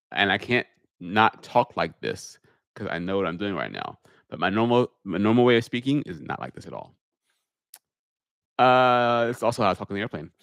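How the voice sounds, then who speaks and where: A man, an airline pilot, hosting a live question-and-answer stream from his home media room, reading viewer questions aloud and answering them in a deliberate public speaking voice into a studio microphone. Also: fairly low pitch, fairly bright tone, dry recording. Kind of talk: live Q&A stream, casual chat. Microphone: studio microphone on a holder.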